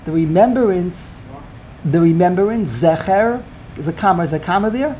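A woman's voice: lowish voice, animated, normal speed, dark tone, slight background noise. A woman teaching a Torah class, emphatic and digressive, peppering her speech with Yiddish and Hebrew terms. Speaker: Talmud teacher.

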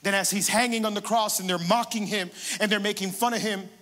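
Man, pastor, sermon, emphatic preaching, high voice, bright tone. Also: fairly even intonation, a little fast, big-room sound. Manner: emphatic preaching, swings between hushed and loud.

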